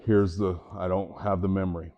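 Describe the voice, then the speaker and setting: A man's voice: normal speed, muffled recording. A middle-aged man, a former athlete, giving a motivational talk to students in a school auditorium, telling a personal story with rising and falling intensity. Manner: storytelling, animated, raises voice for drama then drops low. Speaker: motivational speaker.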